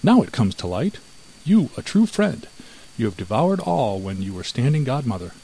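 A man voicing a timid, fretful female house mouse in a storybook, squeaky and exclaiming. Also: big pitch swings, brisk, mellow, breathy edge, full character voice, low-quality recording. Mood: alarmed.

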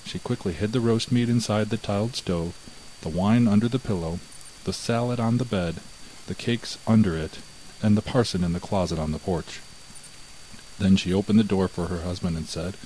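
Deep-voiced man reading a fairy tale. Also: moderate pace, a little mellow, a little hiss or hum, rough recording. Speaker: storyteller. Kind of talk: scripted fairy-tale narration.

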